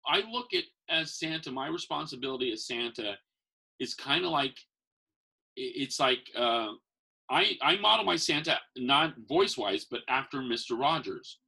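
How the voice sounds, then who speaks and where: He's a professional Santa and magician speaking at normal speed in a medium-pitched, creaky, sharp voice with lively intonation and a breathy edge. The poor audio catches him rambling through casual stories and acting out quoted voices.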